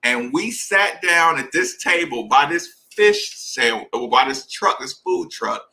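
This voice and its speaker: Bright, animated man telling a story. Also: fairly high pitch, unhurried, rough recording. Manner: animated, conversational, addresses listeners directly. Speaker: podcast host. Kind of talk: casual storytelling.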